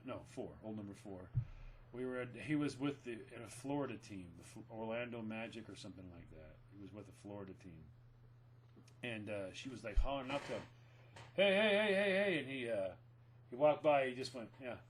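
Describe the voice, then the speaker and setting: This podcast co-host is a middle-aged man with a lowish, darkish voice and a brisk delivery, and a faint hiss or hum sits under the recording. He's having a casual chat, spinning jokey stories and laughing frequently.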